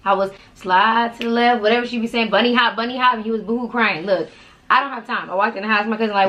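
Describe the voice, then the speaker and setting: A woman co-hosting a casual chat show, a mother telling lively stories about parenting and calling herself a yeller. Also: fairly high pitch, fast, rough recording. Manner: animated storytelling, self-described yeller. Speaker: podcast co-host and mother.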